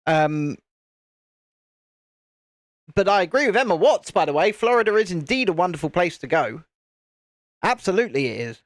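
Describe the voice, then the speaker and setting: A man's voice: high-pitched, big pitch swings, normal speed, long pauses, dry recording, studio quality. A British man hosting a livestream, chatting casually with viewers while he builds, and laughing often. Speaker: livestream host.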